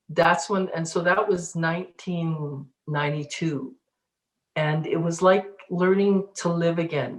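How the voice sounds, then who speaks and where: A middle-aged woman speaks in a lowish voice, recounting her life in a relaxed interview. She tells it with animation, often laughing and acting out the inner voices she heard. The room around her is noticeably echoey. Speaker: interviewee, spiritual teacher. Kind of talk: casual storytelling interview.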